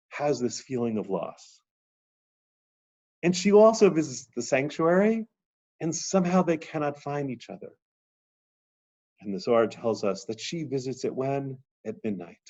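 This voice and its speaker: A man's voice: fairly high pitch, sing-song, measured pace, pauses often, dull audio. A man lecturing on a text, reading passages aloud with rising drama and then explaining them.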